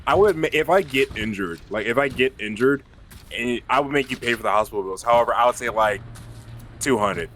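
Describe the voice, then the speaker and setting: A man's voice: medium pitch, animated, brisk, a bit bright, slight background noise. Dry-humored man chatting on stream. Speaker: co-host. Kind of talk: casual gaming chat.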